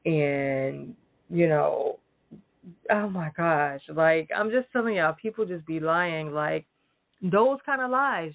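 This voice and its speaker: A woman's voice: fairly low pitch, no echo. Woman vlogger, emphatic profane rant, thin phone-like audio in a dead-dry space. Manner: emphatic, profane, filler-heavy. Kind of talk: casual rant to camera. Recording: dry tinny phone-like sound.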